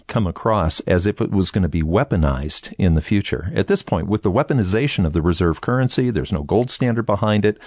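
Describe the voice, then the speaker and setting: Man, very deep voice, dry close mic; conversational host who feeds questions. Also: a little mellow, no echo. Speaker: podcast host and interviewer. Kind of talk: financial podcast discussion.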